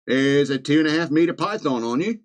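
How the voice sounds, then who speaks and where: A man voicing a laid-back, matter-of-fact Australian husband in a put-on Australian accent, pitched a little above his usual voice. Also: animated, a little fast, natural voice. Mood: calm.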